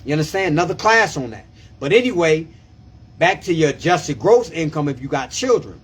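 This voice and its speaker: A man's voice: fairly high pitch, very animated, a little fast, fairly bright tone, husky. Emphatic man on a casual livestream. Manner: emphatic, repeats himself and asks "you understand?". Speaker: tax preparer and coach. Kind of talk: casual live-stream talk.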